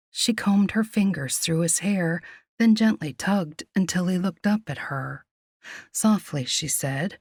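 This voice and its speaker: A woman giving scripted, measured narration of a romance audiobook. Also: mid-range voice, a little mellow, dry recording, studio quality.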